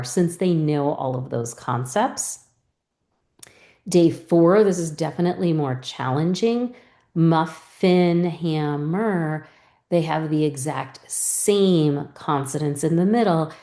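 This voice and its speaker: Low, slow-speaking woman teacher. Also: echoey room. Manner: calm, step-by-step modeling of teacher and student turns. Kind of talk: instructional lesson.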